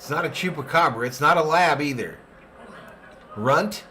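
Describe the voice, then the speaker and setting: On the high side and at a moderate pace, a man runs a fan watch party, narrating plays and bantering with chat. His delivery is energetic and jokey, naming chatters aloud as he goes, with slight background noise.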